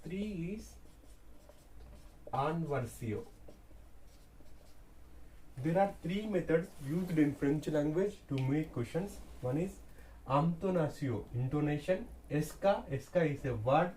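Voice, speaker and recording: A man teaching French in a slow classroom explanation, repeating key words deliberately. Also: fairly high pitch, expressive, mellow, slight background noise.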